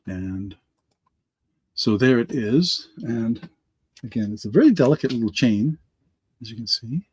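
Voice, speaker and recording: A middle-aged man hosting a live online auction, congested from allergies and slightly raspy, rambling and correcting himself as he answers viewers by name. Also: mid-range voice, lively intonation, a little slow, long pauses, a little mellow, dry recording. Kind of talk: live-stream auction chat.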